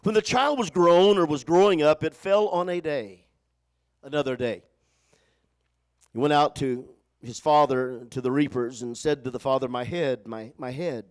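A man preaching a sermon, telling a Bible story and calling on his congregation to answer, moving between loud exhortation and hushed storytelling. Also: a little high, moderate pace, clean tone. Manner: preaching with call-and-response to the congregation; repeats words when starting phrases. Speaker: pastor.

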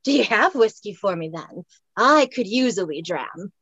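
A gruff Highlander warrior from another century, as a woman reads him aloud, rolling a husky Scottish burr and calling everyone lass. The audio is a touch muffled and very dry. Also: expressive, moderate pace, fairly bright tone, dry recording. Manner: old-fashioned speech with ye, aye and lass. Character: brooding Highlander man from the past, wary.

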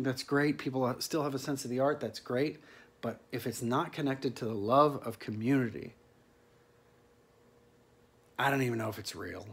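A man's voice: mid-range voice, slightly rough. A middle-aged male actor delivering a rambling, earnest spoken monologue in a pleading tone.

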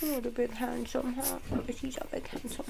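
A woman's voice: a little high, little pitch movement, normal speed, gravelly. A middle-aged woman, a dog breeder, cooing at puppies in a sing-song baby-talk voice, repeating pet words while she films them in a nursery. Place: indoor puppy nursery. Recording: noisy home video.

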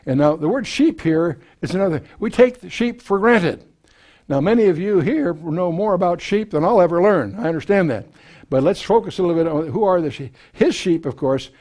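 Man, Bible teacher, slightly high voice, conversational, folksy asides, lots of fillers. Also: animated, moderate pace, a little mellow. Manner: conversational, with frequent fillers and restarts; folksy asides and self-deprecating humor. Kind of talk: verse-by-verse Bible teaching to a live audience.

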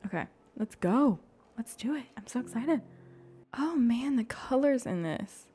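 Woman playing a cozy game at home, soft gushy commentary, lots of gasps and whispers, voice swoops all over. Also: a little high, animated, a little slow, a little hiss or hum. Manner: soft, gushing reactions, gasps and drops to whispers. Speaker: gaming YouTuber. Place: home room.

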